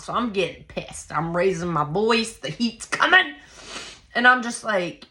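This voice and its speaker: A woman vlogger casually telling a family story to her viewers, blunt and profane, with a loud, heated edge as she gets worked up. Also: mid-range voice, big pitch swings, unhurried. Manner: addresses viewers directly, filler-heavy run-on storytelling.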